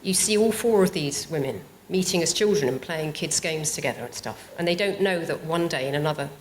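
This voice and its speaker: A woman's voice: low voice, lively intonation, a little fast, a little hiss or hum. A woman playwright appearing as a guest on a live podcast, explaining her ideas thoughtfully. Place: live theatre stage.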